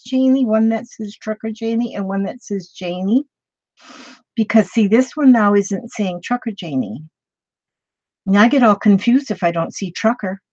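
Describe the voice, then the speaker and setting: A woman's voice: a little high, darkish tone, no echo. Chatty older woman, lo-fi dry sound. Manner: rambling, chatty, greets viewers by name. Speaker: crafting livestream host. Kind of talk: casual livestream chat.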